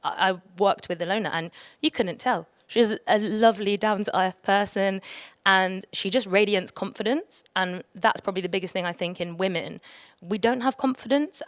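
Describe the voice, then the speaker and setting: A woman's voice: medium pitch, moderate pace, dry recording. A young woman speaking on a conference panel, chatty and emotional, often laughing. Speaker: panelist, athlete. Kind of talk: panel discussion.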